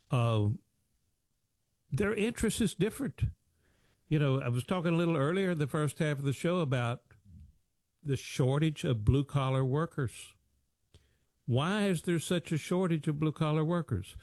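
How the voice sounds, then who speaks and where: American guy doing a finance talk show, relaxed dark voice, repeats himself, loves old sayings. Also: medium pitch, dry recording, studio quality. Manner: folksy and repetitive, fond of sayings and rhetorical questions. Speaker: financial advice show host. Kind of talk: radio-style talk show monologue.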